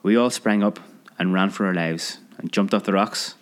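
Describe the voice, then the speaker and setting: A man narrating a children's story aloud in a lively, expressive reading. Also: low-pitched, moderate pace.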